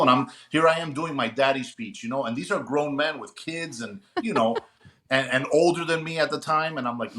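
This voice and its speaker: A man's voice: medium pitch, fairly quick. A man, a retired police sergeant, telling a funny story and acting out the dialogue as he goes. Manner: animated, acts out dialogue. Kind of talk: casual storytelling. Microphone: remote call.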